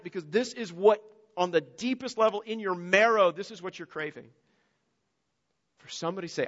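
Animated pastor preaching in a reverberant hall. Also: male voice, high-pitched, moderate pace, long pauses, dull audio. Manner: animated, swings from quiet and intimate to loud and emphatic; acts out quoted voices in story-telling. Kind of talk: sermon.

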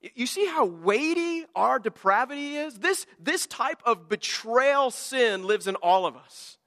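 A man's voice: very high-pitched, lively intonation, unhurried, a bit bright, big-room sound. A man preaching an earnest sermon as a pastor, often stammering and restarting words as he builds his points.

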